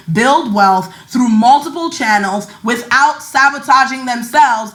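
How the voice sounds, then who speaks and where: A woman with a slight Nigerian accent speaks in a high, bright register, talking straight to her listeners in a casual motivational style. She stresses points by repeating words and keeps a chatty, emphatic flow. Her voice carries a noticeable echo, as if recorded in a bare room. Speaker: podcast host and finance coach.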